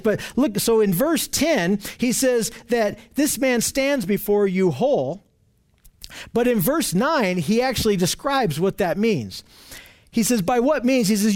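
A man's voice: high voice, lively intonation, unhurried. A man preaching a sermon, emphatic and repetitive, often restarting phrases.

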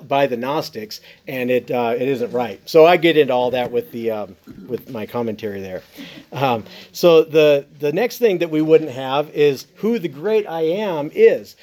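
A man's voice: a little high, darkish tone. A man who wrote a Bible commentary, explaining scripture in casual teaching talk, earnest and full of fillers and restarts.

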